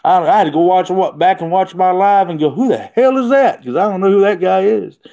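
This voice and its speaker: A man's voice: high voice, steady tone, fast, creaky, dark tone. A man hosting a casual livestream from his phone, rambling and chatty and laughing often. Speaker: livestream host.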